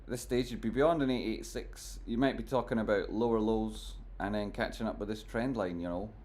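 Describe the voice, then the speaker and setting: A man's voice: on the low side, fairly quick, darkish tone. Joking man streaming chart commentary. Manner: jokey, theatrical swings between mock gloom and exclamations; talks to the live chat. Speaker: stock market streamer.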